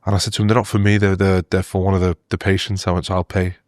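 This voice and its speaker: A man from Australia and the UK talks as a doctor guest on an interview show. He keeps his voice low and flat, telling his stories earnestly. He often restarts and leans on "you know," and the sound is dry and close. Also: rapid-fire, no room sound. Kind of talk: interview storytelling.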